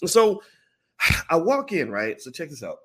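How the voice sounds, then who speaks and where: A man with a slightly high, husky voice takes his time telling a casual story for his vlog. He's animated and acts out the characters as he goes.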